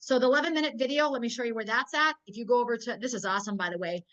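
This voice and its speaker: A woman's voice: a little high, very fast, low-quality recording. A woman teaching a sales team on a video call, telling stories with energy and often checking that her listeners are following. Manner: lively storyteller, keeps checking in with listeners. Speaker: network marketing trainer.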